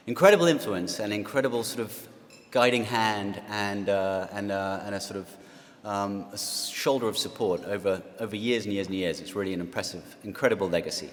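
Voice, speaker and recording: A man in his forties with an English accent, giving a self-deprecating speech to an audience, with many fillers and restarts. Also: fairly low pitch. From England. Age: 40s. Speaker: guest speaker. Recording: long hall reverb.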